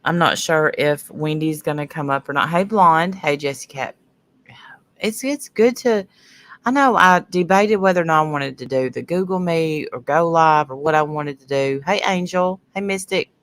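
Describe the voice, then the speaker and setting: Sniffly, low-voiced woman chatting on a livestream. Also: normal speed, few pauses, a bit bright. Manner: rambling, chatty, greets viewers mid-sentence. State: sniffly from sinuses. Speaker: livestream host. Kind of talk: casual livestream chat greeting viewers.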